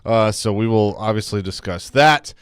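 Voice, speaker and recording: A man co-hosting a sports radio show, trading casual banter with brisk, upbeat delivery into a studio microphone. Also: on the low side, clear, resonant tone, no room sound. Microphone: studio microphone with headphones.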